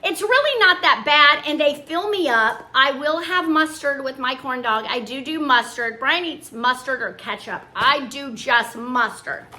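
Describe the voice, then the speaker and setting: An older woman vlogs from home in a casual, homey chat, talkative and drifting into little asides. Her high-pitched voice is expressive, pushed and bright, at a measured pace with hardly any pauses.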